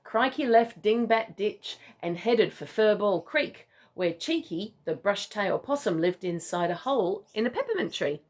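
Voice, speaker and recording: Mum reading to her kid, lively up-and-down voice, playful asides. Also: mid-range voice, measured pace, hardly any pauses. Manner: playful, chatty asides and laughs. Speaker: mother reading to her child. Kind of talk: reading a picture book aloud.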